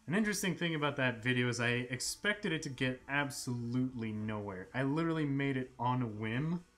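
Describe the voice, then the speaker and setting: A man's voice: mid-range voice, lively intonation, a little fast, a bit bright. A man chatting casually on a live stream while he sketches. He laughs often and slips into silly voices.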